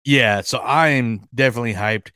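Man, podcast host, casual chat, excitable, rambling, smooth voice, dry sound. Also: mid-range voice, normal speed, no room sound. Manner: excitable, rambling with many fillers and restarts.

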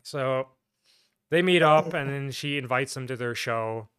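Smooth-voiced man rambling through a movie recap. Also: mid-range voice, unhurried, a bit bright, no room sound, clean studio sound. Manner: rambling, laughing, full of "like" and restarts. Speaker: podcast co-host. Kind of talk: casual movie recap chat.

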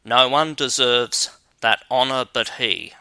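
A man's voice: mid-range voice, slow, gravelly, sharp tone, smooth, no echo, full character voice. A man doing a deferential storybook fool. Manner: rhyming, deferential. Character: deferential fearful Swabian man.

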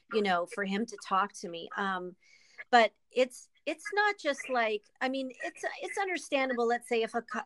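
A woman guest and author in a candid interview, speaking earnestly and with emotion, often pausing with ums and restarting. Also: medium pitch, a bit bright, no echo, rough recording.

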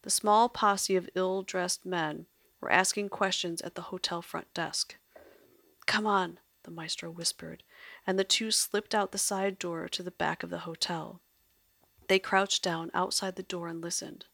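A woman narrating an audio drama in a measured storytelling way. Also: fairly low pitch, steady tone, gravelly, fairly bright tone, no room sound.

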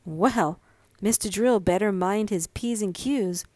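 A patient, amused mother, read by a woman, calm and lightly teasing. She speaks slowly and evenly. The sound is dry, with no room around it. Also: medium pitch, no room sound.

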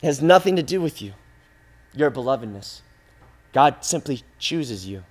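A male preacher delivering an impassioned, repetitive sermon, swinging from hushed, intimate lines to loud, driving ones. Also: medium pitch, lively intonation, normal speed.

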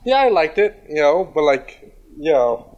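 A man with a fairly high voice tells a story in casual conversation. He rambles, restarts often and leans on fillers, and he speaks in a crude, blunt way. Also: sing-song, measured pace, darkish tone, lo-fi sound.

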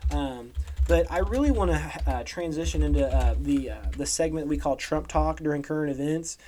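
Podcast guy ranting, slightly high voice, sarcastic and emphatic, keeps going "okay?". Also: normal speed, warm tone, slight background noise. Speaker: podcast co-host. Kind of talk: opinionated current-events rant.

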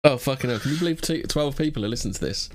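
A man's voice: mid-range voice, lively intonation, racing, no room sound. A man hosting a live stream, rambling and laughing through crude banter. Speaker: stream host.

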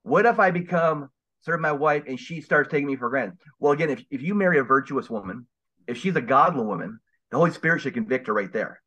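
A man's voice: mid-range voice, lively intonation, a little fast, pushed and bright. A man speaking as a guest on a podcast, earnest and emphatic, with a preaching manner. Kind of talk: casual podcast interview. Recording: dull lo-fi sound.

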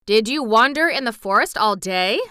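A woman reading aloud, voicing a plain, steady older farm uncle from a storybook in a mild, thoughtful tone. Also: a little high, normal speed, smooth, no room sound, clean studio sound, voice pushed up.

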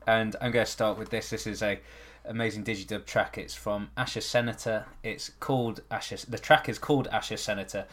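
A man's voice: fairly low pitch, steady tone, fairly quick, hardly any pauses, fairly bright tone. A man with a Northern English accent co-hosting a music podcast, chatting with dry, wry humor. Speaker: podcast co-host. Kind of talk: casual chat.

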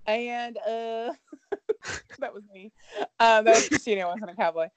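A woman's voice: on the high side, unhurried, no echo. A young adult woman co-hosting a podcast in a bubbly, exclaiming casual chat. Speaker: podcast co-host.

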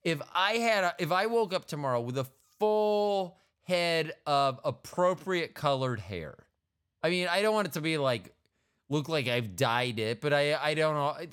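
A man's voice: on the high side, a bit bright, clean tone. A middle-aged man hosting a podcast, rambling and joking in casual chat. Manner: rambling, jokey, playful. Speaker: podcast host.

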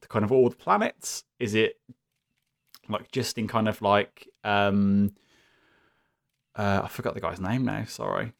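Man, tabletop player, low gravelly voice, rambling. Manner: rambling, hesitant questions. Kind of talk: casual chat.

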